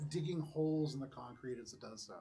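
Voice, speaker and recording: A man with a gravelly mid-range voice serves as game master for a tabletop game, narrating scenes in a laid-back way with fillers. Heavy background noise accompanies him.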